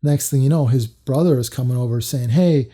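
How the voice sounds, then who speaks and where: A man's voice: mid-range voice, fairly even intonation, brisk, warm tone. A man telling a personal story to camera in a loose, casual way, full of fillers and restarts. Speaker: storytelling vlogger.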